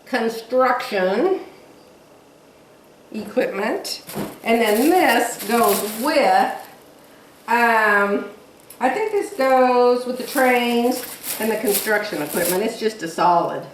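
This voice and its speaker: A woman's voice: on the high side, expressive, slow, long pauses, echoey room, far from the mic, slight background noise, rough recording. A woman vlogging from home in a chatty, gushing way, laughing often as she talks. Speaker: quilting vlogger. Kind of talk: casual chat to camera. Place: home room.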